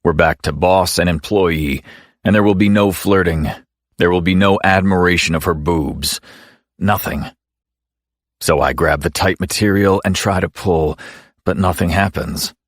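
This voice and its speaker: A man narrating a first-person romance audiobook in a wry, teasing, measured way. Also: sits low, no echo, studio quality.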